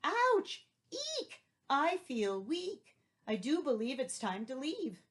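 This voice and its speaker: A woman voicing a greedy, stubborn male billy goat in a read-aloud storybook, chanting sing-song rhymes a little higher than her own voice. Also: sing-song, takes it slowly, exaggerated voice. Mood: yelping.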